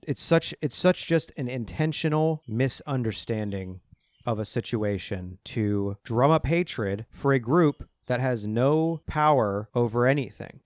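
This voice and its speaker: A man's voice: mid-range voice, dry recording, clean studio sound. A man hosting a political commentary show, ranting in a heated, sarcastic and profane way. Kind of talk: ranting solo podcast commentary.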